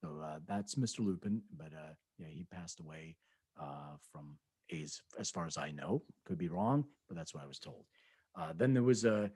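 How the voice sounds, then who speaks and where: A man's voice: low voice, normal speed, a little mellow, husky, dry recording. A man co-hosting a podcast, telling rambling anecdotes in casual chat, acting out quoted voices and laughing often. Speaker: podcast co-host.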